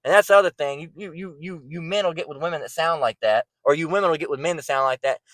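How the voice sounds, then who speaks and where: A man's voice: a little high, fast, fairly bright tone, no echo, poor audio. A man giving blunt, emphatic Bible commentary, swearing freely and asking "right?" often.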